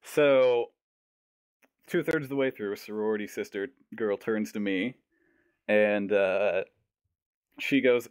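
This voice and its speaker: Young guy on a podcast telling a story, lowish voice, acts out all the people, dry close sound. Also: a little slow, pauses often, dry recording. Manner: animated storyteller, mimics voices. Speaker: podcast host. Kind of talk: casual storytelling.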